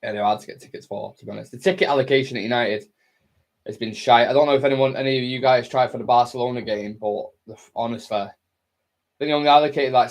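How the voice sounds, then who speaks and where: A young man from Manchester, hosting a casual football watchalong livestream, swearing and bantering with his chat close to the mic. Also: mid-range voice. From Manchester, England. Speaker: fan channel livestream host. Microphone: close mic, eating into it.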